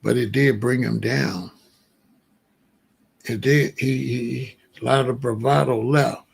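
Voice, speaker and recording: A middle-aged man hosting a commentary show, telling a street story in a casual, animated way. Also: mid-range voice, measured pace, gravelly, husky. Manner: animated storyteller, breaks into quoted dialogue.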